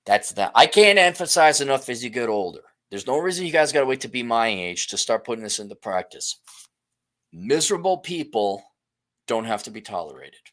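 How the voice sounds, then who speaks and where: Middle-aged male host, casual livestream talk, blunt and profane, swinging pitch. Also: animated, fast, hardly any pauses. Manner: blunt, profane, laughs often, shifts pitch and loudness a lot. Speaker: livestream host reading super chats.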